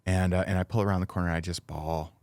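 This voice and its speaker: Deep-voiced man telling a faith story. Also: little pitch movement, fast talker, a little mellow, no echo. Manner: earnest, emotional storytelling with many fillers and restarts. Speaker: podcast guest. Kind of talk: storytelling in a podcast conversation.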